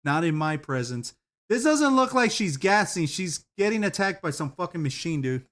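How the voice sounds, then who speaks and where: A man with a slightly high voice chats on a stream while he browses videos. He giggles often and rambles in a loose, profane way. His talk comes in casual bursts. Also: big pitch swings, normal speed, fairly bright tone. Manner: giggly, laughs often at what he watches.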